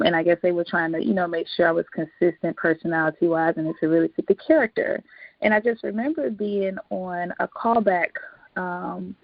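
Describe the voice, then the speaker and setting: A woman's voice: on the low side, no echo. Reflective woman telling her story. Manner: reflective storytelling, laughs often. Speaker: podcast guest, actor. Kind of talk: casual interview chat. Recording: dull lo-fi podcast audio.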